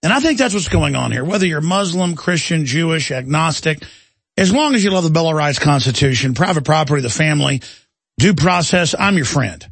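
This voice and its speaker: A man's voice: fairly high pitch, lively intonation, a little fast, vocal fry, fairly bright tone, breathy edge, no echo. A man hosting a talk radio show, speaking in an impassioned, ranting way as he takes calls. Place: radio studio.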